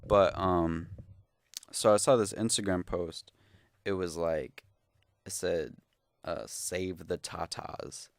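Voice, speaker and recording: A man's voice: low-pitched, slow pace, long pauses, smooth, dry recording, clean studio sound. A young man ranting into the camera, exasperated, sarcastic and profane in a casual vlog. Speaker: vlogger.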